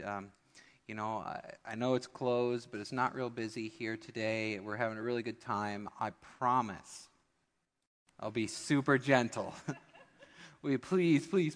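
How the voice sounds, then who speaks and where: A man's voice: medium pitch, fairly bright tone. A male pastor delivering a sermon in a church, telling a funny story and acting out the people in it. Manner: humorous storytelling with acted-out voices. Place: church sanctuary. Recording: long church hall reverb.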